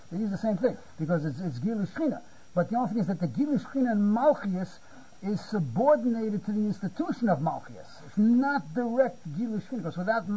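An older man giving a spontaneous Torah lecture, halting and repeating words, often checking with "you see?". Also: high-pitched, warm tone, husky. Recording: muffled lo-fi recording.

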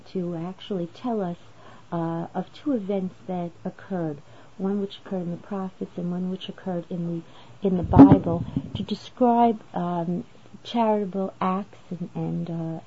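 A woman's voice: fairly low pitch, a little hiss or hum. Woman teaching a religious lesson, muffled. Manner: explanatory, asks rhetorical questions. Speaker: Torah teacher.

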